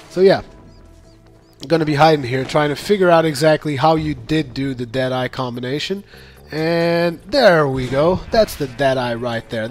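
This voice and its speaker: Chuckling, fairly high-voiced game commentator. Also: male voice, darkish tone. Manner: chatty, laughs often, acts out his own reactions. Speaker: gameplay commentator. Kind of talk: casual gameplay commentary.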